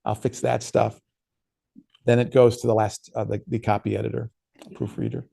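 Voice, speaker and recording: A man's voice: fairly low pitch, little pitch movement, moderate pace, vocal fry, warm tone. A man, an author, giving a casual workshop talk and answering questions, telling stories in a conversational way with frequent restarts.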